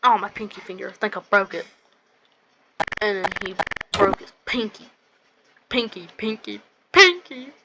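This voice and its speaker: A woman at a medium pitch narrates a video game as she plays, rambling and excitable. She keeps restarting her sentences. Heavy noise runs under her voice throughout. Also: moderate pace, pauses often. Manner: excitable, rambling, repeats "and then". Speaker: gamer reviewing a video game. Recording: loud background noise.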